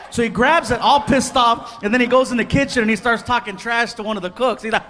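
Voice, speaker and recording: A man doing stand-up storytelling on stage, animated, acting out voices and yelling punchlines into a handheld mic. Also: very high-pitched, quick pace, hardly any pauses. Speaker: stand-up comedian. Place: theater stage. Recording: live show with loud crowd and noise.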